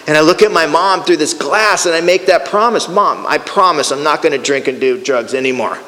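A man's voice: on the high side, a little fast. Man telling his story in a reverberant hall. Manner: animated storytelling, acting out voices. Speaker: recovery speaker. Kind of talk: personal testimony talk.

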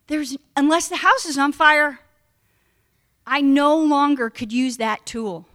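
A middle-aged woman speaks frankly about her own recovery, leaning hard on the words that matter. Her voice sits a little high and rings bright and forward. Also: takes it slowly. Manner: candid, emphatic, acts out her past self in raised voice. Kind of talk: personal testimony talk.

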